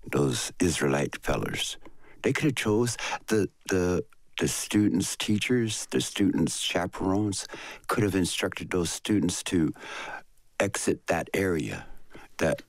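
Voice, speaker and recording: Slow low-voiced male interview guest. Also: no room sound. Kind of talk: radio interview answers.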